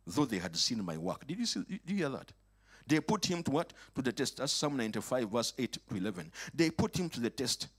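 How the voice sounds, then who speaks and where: A man delivers a fervent sermon in a slightly husky voice. His pitch leaps and dips constantly, and he swings between hushed asides and ringing, raised declarations as he calls on the congregation to answer back. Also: very animated, brisk. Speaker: preacher. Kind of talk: lively sermon. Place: church or worship hall.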